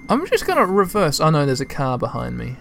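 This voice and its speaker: A man's voice: fairly high pitch, wildly swooping pitch, brisk, gravelly, fairly bright tone, slight background noise. A man giving casual gameplay commentary as a let's-play host, chatty and thinking aloud as he talks to his listeners.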